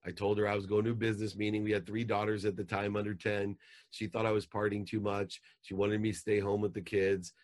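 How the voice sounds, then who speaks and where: A man telling an emotional personal story as a podcast guest, growing animated as he relives it. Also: lowish voice, fast.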